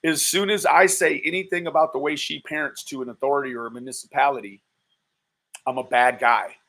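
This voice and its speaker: A man doing live-stream commentary, exasperated and swearing, with slow, disbelieving exclamations. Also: mid-range voice, steady tone, bright, forceful tone.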